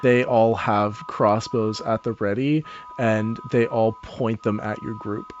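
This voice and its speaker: A man's voice: on the low side, steady tone, slow, highs cut off, soft background music. A man narrating a tabletop game as dungeon master, loose and chatty with fillers, often laughing.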